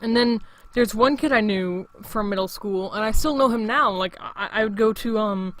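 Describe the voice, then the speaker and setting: A man's voice: high voice, moderate pace, a bit bright. A young man in his late teens, hosting his own show in a rambling, profane casual monologue full of restarts. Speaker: show host.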